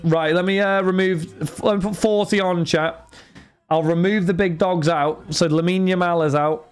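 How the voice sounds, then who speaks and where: A man's voice: high-pitched, fairly even intonation, moderate pace, clear, resonant tone. A young man chatting casually on a live stream, reading out viewer messages and talking football with frequent restarts. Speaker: livestream host running card breaks. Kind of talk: casual livestream chat.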